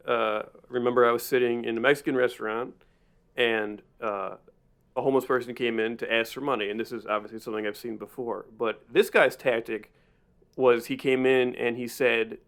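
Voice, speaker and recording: A man's voice: mid-range voice, fairly bright tone. A man co-hosting a podcast in casual comedic chat, telling stories in a rambling way with many restarts. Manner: rambling, self-interrupting storyteller. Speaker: podcast co-host.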